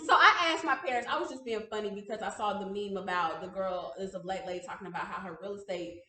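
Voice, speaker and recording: A young woman co-hosting a casual podcast chat, animated, swearing freely and laughing as she tells stories. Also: mid-range voice, fast, far from the mic. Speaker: podcast co-host. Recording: roomy, from off mic.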